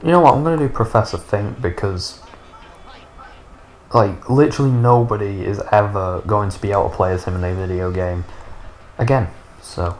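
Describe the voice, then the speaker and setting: A man's voice: fairly low pitch, moderate pace, pauses often, slight background noise. A man in his thirties giving sarcastic, sweary, rambling commentary while playing a video game. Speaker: gaming YouTuber. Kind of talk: casual gameplay commentary.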